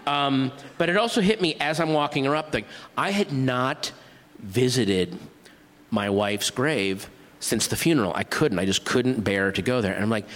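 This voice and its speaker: Animated stand-up comedian in a big hall. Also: male voice, mid-range voice. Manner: animated, rapid storytelling. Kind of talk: stand-up storytelling. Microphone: stage microphone. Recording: live stage recording in a reverberant hall.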